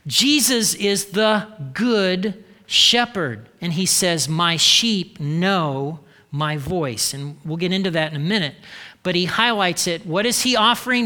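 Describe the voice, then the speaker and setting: A male pastor preaching a sermon, animated and acting out the voices he describes. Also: high voice.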